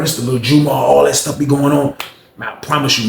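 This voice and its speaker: A man's voice: medium pitch, fairly quick, creaky, reverberant, slight background noise. A man casually telling a long story and acting out the people and sounds in it. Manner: animated, acts out the people and sounds in his story.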